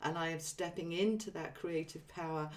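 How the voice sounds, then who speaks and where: A woman's voice: deep voice, normal speed, distant mic. A woman hosting a spiritual livestream, chatting casually, saying um often and reading viewer comments aloud. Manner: relaxed, chatty, many ums, reads viewer comments aloud. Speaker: livestream host.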